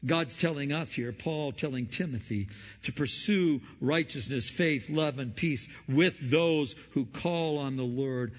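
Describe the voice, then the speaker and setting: A man's voice: medium pitch, a little slow. A man preaching a sermon, emphatic, asking the congregation rhetorical questions. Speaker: pastor. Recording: dull lo-fi recording with long hall reverb.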